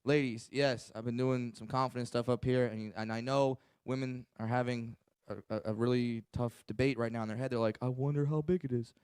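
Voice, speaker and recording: A man's voice: level tone, fairly quick, hardly any pauses, clear, resonant tone, dry recording, clean studio sound. A man doing live stand-up comedy, brash and profane, who works the crowd and mimics other people. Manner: brash, profane, loud punchlines, teasing the audience; mimics others in higher voices.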